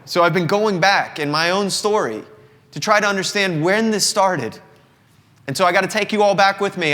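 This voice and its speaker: A man's voice: fairly high pitch, bright, forceful tone. A man in his thirties from the American South, a singer-songwriter giving an earnest, reflective confessional monologue to a live audience. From Southern United States. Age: 30s. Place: indoor company showroom with an audience. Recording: long reverb of a live room.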